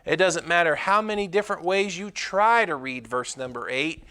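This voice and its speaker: A man's voice: on the high side, normal speed, hardly any pauses, pushed and bright. A man preaching a sermon, talking it through casually with fillers and tag questions like "right?". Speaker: pastor.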